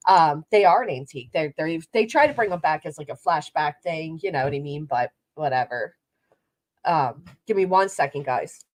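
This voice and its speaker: A woman's voice: deep voice, animated, normal speed. A woman hosting a casual reaction commentary, sarcastic, laughing now and then and trailing off into restarts. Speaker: commentary channel host.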